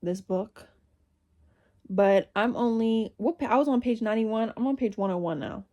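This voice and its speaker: A woman's voice: on the high side, moderate pace, warm tone. A young woman chatting casually to her camera in a reading vlog, rambling and interrupting herself as she goes. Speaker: reading vlogger.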